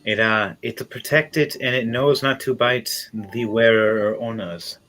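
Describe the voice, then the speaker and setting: A man voicing a cheerful female adventurer, speaking in his own calm, low-key voice. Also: a little slow, soft background music, natural voice, poor audio. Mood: cheery. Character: cheerful adventurer woman with pet mimic.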